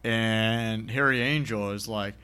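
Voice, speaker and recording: A man's voice: on the low side, steady tone, slow pace, sharp tone, clean tone. A man on a podcast casually retelling a film's plot, rambling and acting out the characters' lines. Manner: rambling, acts out characters' lines with bursts of laughter. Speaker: podcast co-host recapping a film. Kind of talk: casual chat.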